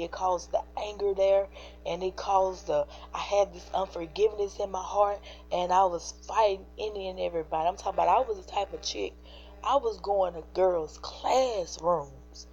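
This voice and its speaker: A woman's voice: fairly low pitch, darkish tone. Teary woman encouraging her livestream chat. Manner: earnest, preachy, speaks to chat directly. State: teary-eyed. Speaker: livestream host. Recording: dull lo-fi livestream audio with faint hum.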